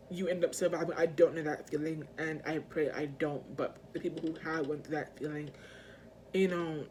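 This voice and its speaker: A woman's voice: deep voice, a little hiss or hum. A woman filming a personal video update, talking in an earnest, emotional way that rambles and halts, full of fillers and restarts. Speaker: vlogger. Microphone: self-filmed camera mic.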